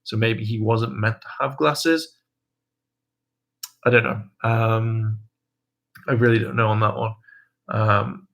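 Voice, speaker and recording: Bright-voiced man rambling on a livestream. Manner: hesitant, many ums and restarts, jumps into high mocking voices when quoting. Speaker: livestream host. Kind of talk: casual rambling livestream chat.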